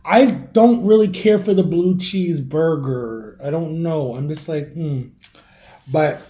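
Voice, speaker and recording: A young man talking straight to his viewers in a loose, rambling vlog, confiding and full of fillers. His voice is a touch higher than most men's, but soft and dark in tone. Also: slow, dull audio. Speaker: vlogger. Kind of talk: casual storytelling vlog.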